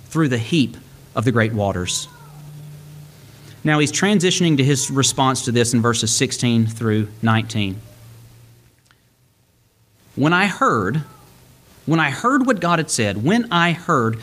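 Guy preaching a sermon, reads verses then breaks em down, goes up then drops low for emphasis. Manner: expository preaching, reads scripture aloud, swings between lifted and hushed delivery.

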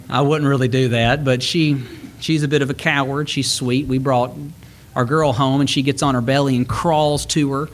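A man's voice: mid-range voice, steady tone, a little hiss or hum. Man preaching a folksy sermon. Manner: reads scripture slowly, then shifts into quick folksy asides. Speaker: pastor.

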